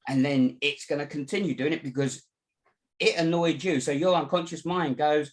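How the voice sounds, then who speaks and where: Male coach, fairly high voice, earnest, advice-giving, conversational. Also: quick pace. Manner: earnest, advising, many "you know" fillers. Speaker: mindset coach guest. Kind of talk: casual advice chat.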